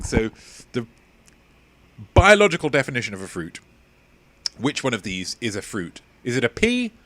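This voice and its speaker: Animated man hosting a quiz. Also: dry recording. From England. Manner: playful, mock-pompous, lively swings in pitch. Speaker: quiz host. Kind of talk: live-streamed quiz hosting, chatting with viewers.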